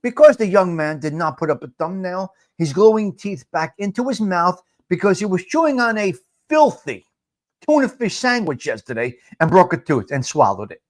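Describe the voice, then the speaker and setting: A man's voice: high voice, very animated, normal speed. A middle-aged man hosting a casual live chat, teasing viewers, repeating himself and dropping Italian phrases. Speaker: livestream host.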